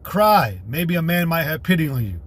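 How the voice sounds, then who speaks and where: A man's voice: on the high side, sing-song, normal speed, a bit bright. A man from the United States preaching on a livestream, alternating blunt, profane ranting with reading scripture aloud. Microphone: streaming setup.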